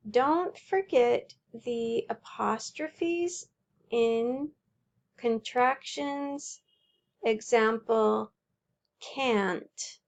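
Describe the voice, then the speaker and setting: Woman teacher going over homework, kinda high voice, takes it slow and careful. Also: vocal fry, a little mellow. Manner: slow, careful explaining with examples. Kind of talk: homework explanation lesson.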